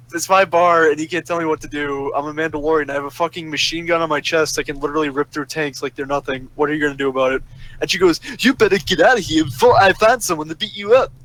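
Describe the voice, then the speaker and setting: Man with a high-pitched voice, venting a foul-mouthed, exasperated rant into a voice chat mic. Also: a bit bright, poor audio. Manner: profane, exasperated ranting. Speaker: voice chat participant. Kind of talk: ranting story on a voice call. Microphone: voice chat microphone.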